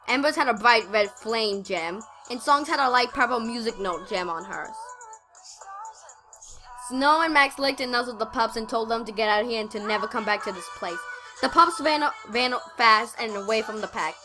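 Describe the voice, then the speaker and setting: A woman reading her own homemade story aloud in a casual, halting way, often repeating words. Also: a little high, lively intonation, over music, poor audio.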